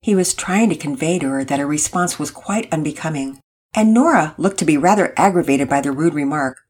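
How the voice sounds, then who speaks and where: A woman narrating a children's story in an expressive reading voice. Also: low voice, brisk, husky.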